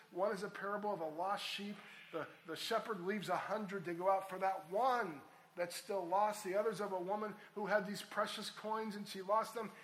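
A man's voice: high voice, fairly bright tone, rough recording. A middle-aged man preaching a sermon as pastor, reading scripture aloud and building to emphatic peaks.

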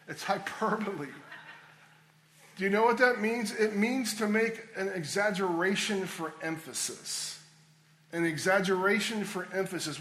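A man's voice: high voice, fairly bright tone, reverberant, poor audio. A man preaching a sermon as a pastor, earnest and conversational, repeating key phrases for emphasis.

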